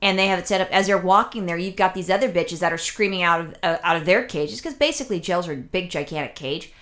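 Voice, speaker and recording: A woman's voice: fairly low pitch, fast, a bit bright. A woman co-hosting a casual chat, telling a rambling story with crude language and lots of swearing. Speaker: podcast co-host.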